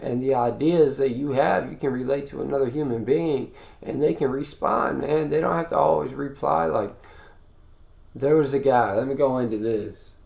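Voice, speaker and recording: A man's voice: mid-range voice, gravelly, a little mellow, roomy sound. A man hosting a podcast, delivering a blunt, heated, profane monologue with a preachy tone. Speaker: podcast host. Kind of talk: ranting monologue.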